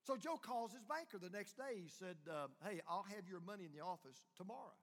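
A man's voice: high-pitched, expressive, fairly quick. A man, preaching a sermon by telling a long story and acting out the dialogue of its people. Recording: long hall reverb.

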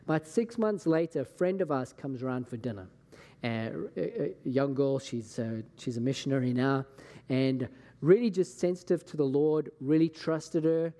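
Scottish male pastor, mellow, slightly high voice, casual storytelling sermon, echoing hall. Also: moderate pace. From Scotland. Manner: casual, chatty, acts out conversations. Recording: long hall reverb.

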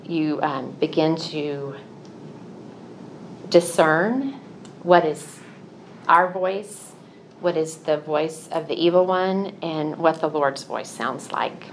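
A woman's voice: sits low, slow, long pauses, a little hiss or hum. A middle-aged woman giving a Christian teaching talk, telling personal stories in an earnest, confessional way. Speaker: Christian speaker.

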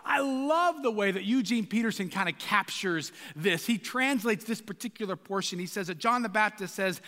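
A pastor delivers his sermon with a very high, bright voice that rises and falls freely. He is loud and passionate and pushes to a shout for emphasis. His voice rings through a hall with a long reverb. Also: lively intonation, normal speed, hardly any pauses.

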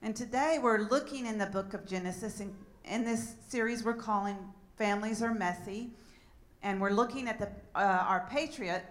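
A woman pastor preaching a sermon and reading scripture aloud. Her voice sits at an ordinary pitch. She keeps a relaxed manner and laughs at her own slips. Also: normal speed.

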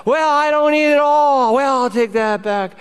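A man's voice: extremely high pitch, measured pace, pitched above the performer's own voice. A man voicing a weak, whiny, half-starved churchgoer who complains about his feebleness. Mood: whining. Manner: plaintive and complaining.

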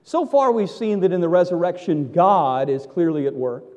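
A male pastor preaching a sermon, emphatic and theatrical, swinging from loud to hushed. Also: sits high, moderate pace, big-room sound.

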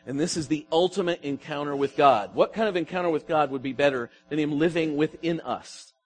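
A man's voice: on the high side, brisk, slightly rough. A man preaching a sermon as pastor, his emphasis swelling and falling as he asks the congregation questions.

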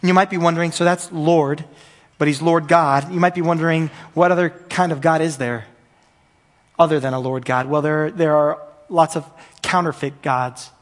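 A man's voice: fairly high pitch, steady tone, normal speed. A man preaching a sermon as pastor, earnest and repetitive, building in intensity at the peaks.

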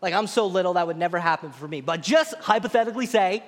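A man's voice: high voice, fast talker, fairly bright tone, long reverb tail. A male pastor preaching a sermon in an earnest, emphatic way that leans on repetition.

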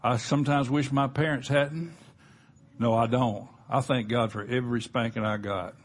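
A man's voice: medium pitch, steady tone, normal speed. A middle-aged man preaching a sermon as a pastor, plain-spoken and emphatic, often restarting his sentences.

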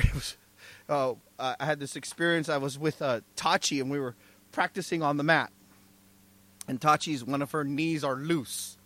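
A man's voice: fairly high pitch, a bit bright. A man preaching a sermon as pastor, emphatic, often asking the congregation "right?" and "amen?".

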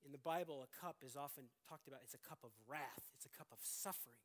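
A middle-aged male pastor preaching a sermon in an earnest manner, often restarting phrases and swinging from loud emphasis to quiet, low stretches. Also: fast, few pauses.

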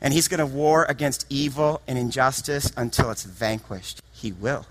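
A man preaching a sermon with passion, dropping to a hush and then rising to shouts. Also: mid-range voice, fairly even intonation, moderate pace. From United States. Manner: impassioned, swings from hushed to shouting.

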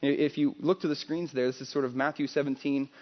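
A male pastor preaching a sermon in a conversational, animated storytelling way. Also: medium pitch, quick pace, muffled recording.

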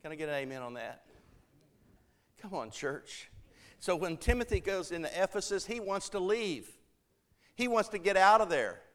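A man's voice: sits high, animated, moderate pace, pauses often, fairly bright tone. A man preaching a sermon to a church congregation, earnest and emphatic, building to fervent appeals.

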